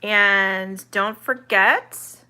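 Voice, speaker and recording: A woman's voice: medium pitch, very slow, bright, forceful tone, smooth. A woman, an online English teacher, chatting through a live-stream Q&A, reading viewer comments aloud and carefully sounding out vowels.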